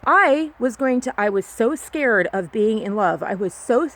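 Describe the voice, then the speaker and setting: A woman's voice: on the high side, lively intonation, measured pace. A young woman from California telling a personal story alone, rambling and confiding, with many restarts and fillers. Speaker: podcast host.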